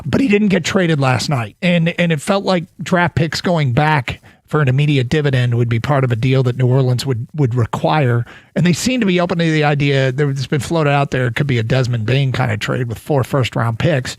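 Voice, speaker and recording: A man with a fairly high voice hosts sports talk radio, chatty and self-mocking as he reads listener messages and turns over trade rumours. His voice sits close on a dry studio mic. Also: dry recording.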